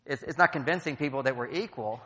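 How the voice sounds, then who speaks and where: A man's voice: medium pitch, fast talker, a bit bright. A middle-aged man giving a playful, jokey talk to a live audience, acting out quotes as he goes. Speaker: speaker at a conference. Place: large hall. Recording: long hall reverb.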